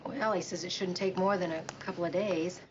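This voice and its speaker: An actress playing a cheerful wife who calls home with news. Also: female voice, fairly low pitch, fairly even intonation, brisk, lightly acted. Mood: bubbly. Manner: bubbly and upbeat. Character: bubbly woman calling home, cheerful. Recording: dull old TV sound with faint noise.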